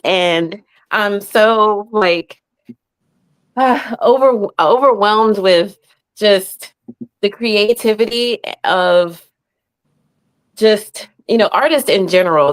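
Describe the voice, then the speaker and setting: A woman hosting a live-stream interview, affirming her guest and speaking haltingly, with many fillers. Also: medium pitch. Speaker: host.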